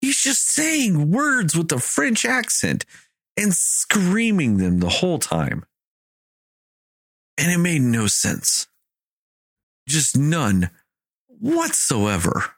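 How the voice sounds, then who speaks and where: A man's voice: a little high, huge pitch swings, takes it slowly, long pauses, a bit bright, husky, dry recording, studio quality. A man in casual chat, ranting in an exasperated way, swearing and acting out lines of dialogue. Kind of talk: casual movie review chat.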